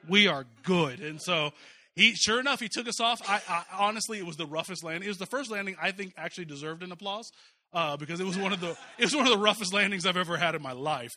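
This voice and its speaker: High, bright-voiced joking pastor. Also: male voice, quick pace. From Kansas City, US Midwest. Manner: chatty and joking, with frequent fillers and restarts. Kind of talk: casual storytelling sermon.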